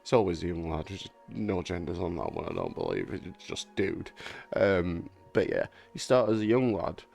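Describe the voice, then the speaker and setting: A man's voice: deep voice, wildly swooping pitch, moderate pace, creaky, a little mellow, soft background music. A young man in a casual, rambling gaming chat, swearing freely and laughing often. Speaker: gaming vlogger.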